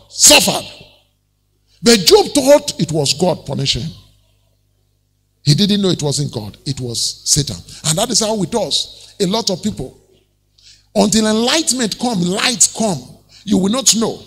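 Nigerian pastor, high lively gravelly voice, sermon in an echoing church. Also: male voice, a little slow, long pauses. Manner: animated storytelling preaching with laughs.

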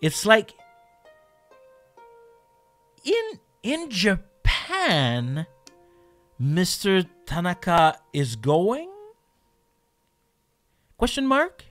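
A man's voice: high voice, huge pitch swings, very slow, long pauses, fairly bright tone, faint music behind. A man giving casual, joking commentary while playing a language-learning game, laughing often.

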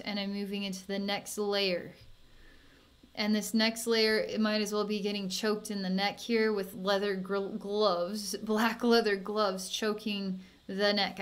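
Slow, soothing woman psychic healer. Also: medium pitch. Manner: soft, slow and soothing, with sighs and small laughs. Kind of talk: guided energy healing session.

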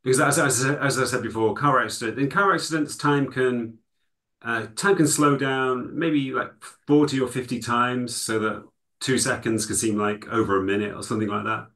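A man's voice: medium pitch, fairly bright tone. Thoughtful man explaining at length. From England. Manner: thoughtful, explanatory, with many "you know" fillers. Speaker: guest, psychology lecturer and author. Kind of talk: conversational interview answers.

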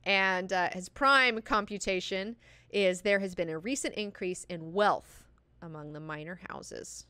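Bright-voiced chatty woman hosting a book club. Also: medium pitch, measured pace, smooth, no room sound. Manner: chatty, profane, enthusiastic, many likes and fillers. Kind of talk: casual book discussion lesson.

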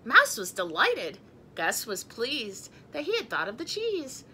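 A woman's voice: on the high side, wildly swooping pitch, a little slow, bright, forceful tone, slight background noise. A woman reading a picture book aloud in a chatty manner. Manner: chatty, breaks off to talk to her cat and laugh. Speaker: storybook reader.

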